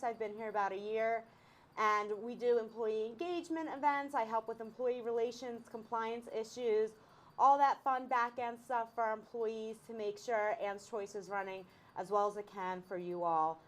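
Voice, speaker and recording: A woman's voice: a little high, steady tone, normal speed. A woman co-hosting a trivia game in a chatty, casual way with frequent fillers. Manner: chatty, laughing, with many fillers. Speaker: trivia co-host.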